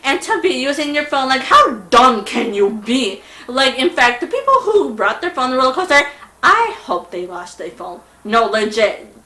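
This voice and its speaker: This young woman's voice is high and her speed normal as she shares a storytime for her vlog. Exasperated but casual, she animates the tale by acting out quoted voices, all captured in an echoey room.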